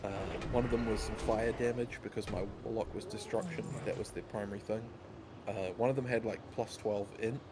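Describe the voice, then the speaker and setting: On a gaming stream with a noisy background, a man chats casually in a lowish, fairly even, brisk voice. He's talkative and wry, laughing as he tells his stories.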